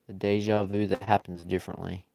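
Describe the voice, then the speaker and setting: A man's voice: sits low, flat delivery, a little fast, creaky, warm tone, no echo. Laid-back man chatting while drawing. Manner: easygoing, chatty, rambling. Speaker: live-stream artist. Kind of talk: casual chat while drawing.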